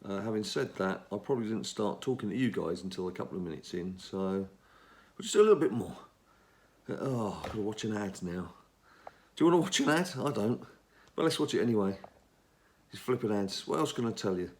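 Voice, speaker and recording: A man's voice: fairly low pitch, lively intonation, brisk. Chatty English man narrating gameplay. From England. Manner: chatty, rambling, talks to himself while playing. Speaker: gaming channel host. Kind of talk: casual mobile game commentary.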